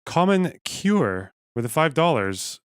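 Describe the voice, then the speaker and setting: A man hosts a live stream in a smooth, resonant voice heard close and dry. He reads chat messages aloud and drops wry, deadpan asides. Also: a little high, slow pace, no room sound. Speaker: streamer, host.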